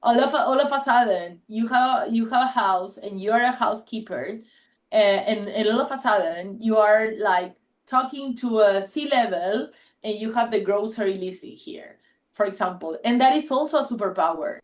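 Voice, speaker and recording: A woman's voice: on the high side, normal speed, low-quality recording. A woman whose first language is Spanish, telling stories in a casual panel talk on a video call, often restarting her sentences. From Spanish-speaking country. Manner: animated storytelling with many restarts. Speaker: panel speaker.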